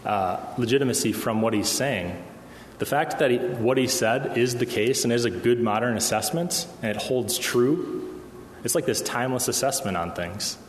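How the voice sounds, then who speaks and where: A man's voice: medium pitch, expressive, moderate pace, slight background noise. A man preaching a conversational sermon in church, often checking in with the congregation. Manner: conversational, asks the room "okay?" often. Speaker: pastor. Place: church hall. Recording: echoey hall with long reverb.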